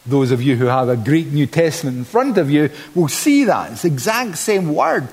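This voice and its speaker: Animated preacher in a reverberant church. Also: male voice, on the high side, normal speed, hardly any pauses, slightly rough. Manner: animated, dramatizes quotes with exclamation. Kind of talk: sermon.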